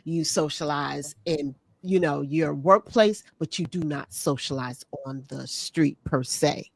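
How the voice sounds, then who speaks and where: A woman with a low voice co-hosts a relaxed streamed talk show. She gives her travel opinions in a chatty, emphatic way. The sound is dry and close. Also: a little slow, creaky, no room sound. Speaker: co-host. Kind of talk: casual travel review chat. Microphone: streamed call.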